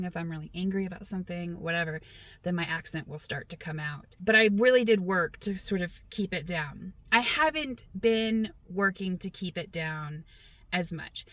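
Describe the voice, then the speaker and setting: A middle-aged Texan woman vlogs to camera in a lowish, slightly bright voice, chatting casually and poking fun at herself. Her accent is mostly neutral American, with a light Southern twang slipping in at times.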